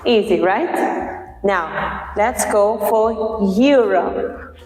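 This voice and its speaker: Patient female pronunciation teacher, very slow and deliberate, recorded in a reverberant room with soft background music. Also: medium pitch. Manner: patient, repeats words slowly to model sounds. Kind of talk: slow, deliberate lesson explanation. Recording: echoey room with long reverb, faint music.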